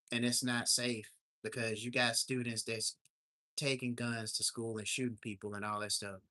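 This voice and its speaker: A man's voice: on the low side, sharp tone, no room sound. Indignant man ranting on a livestream. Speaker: livestream host. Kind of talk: casual livestream talk. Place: home in Alaska.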